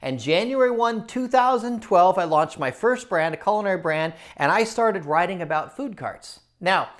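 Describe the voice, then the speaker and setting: A man telling his own story to camera in a casual, animated way, repeating phrases for emphasis. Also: high voice, normal speed. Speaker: culinary storyteller and writer.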